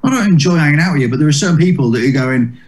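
A man's voice: fairly high pitch, animated, racing. A male comedian, a guest on an interview podcast, telling casual anecdotes in a rambling way with many restarts and "like"s.

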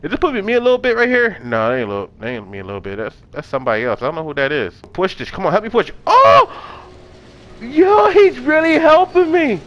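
Animated young man doing game commentary. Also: medium pitch, very fast, hardly any pauses. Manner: animated, talks to game characters in slang, swears often. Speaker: gaming channel host. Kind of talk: casual let's-play commentary.

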